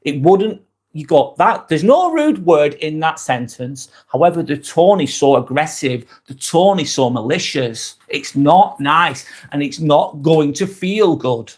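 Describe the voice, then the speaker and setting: A man's voice: a little high, lively intonation, measured pace, a little mellow, breathy edge. Rambling, repetitive man on a livestream. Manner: rambling, repeats words and phrases for emphasis. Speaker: host of a motivational livestream. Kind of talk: casual livestream talk.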